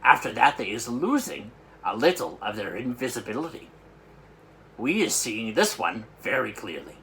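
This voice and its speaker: A man voicing a huge, excitable old giant who mangles his grammar and invents words, with loud outbursts. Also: mid-range voice, normal speed, a little hiss or hum. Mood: explaining.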